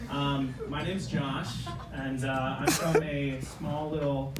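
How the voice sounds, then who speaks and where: A man's voice: medium pitch, little pitch movement, slow pace, loud music behind the voice. Laughing young man on a comedy stage. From Minnesota. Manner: joking, laughing at himself. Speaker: open mic comedian. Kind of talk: stand-up comedy. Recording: echoey club, far from the mic. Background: loud crowd.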